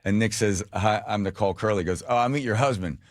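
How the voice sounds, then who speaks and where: A middle-aged man hosting a radio show, telling a story in a casual, animated, self-mocking way. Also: on the low side, quick pace, dry recording, clean studio sound. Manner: animated, self-mocking, laughs at his own stories. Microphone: studio microphone.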